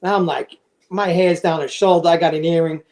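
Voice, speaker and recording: A man's voice: fairly high pitch, steady tone, fairly quick, a little mellow. A man in his sixties, a retired fire lieutenant, telling casual stories as a podcast guest and acting out the voices of people he quotes. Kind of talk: casual storytelling.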